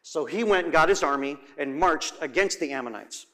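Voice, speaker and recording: A man's voice: on the high side, animated, brisk, a bit bright. A man preaching a sermon in a dramatic way, repeating words for emphasis.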